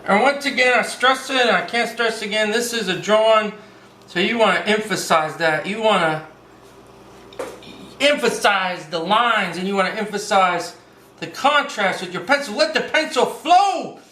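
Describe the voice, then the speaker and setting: Hosting a relaxed drawing lesson one step at a time, a man sings little bits and throws in "baby" with playful, upbeat energy. His voice is high and sharp at a moderate pace, captured in a low-quality, echoey recording with slight hiss or hum.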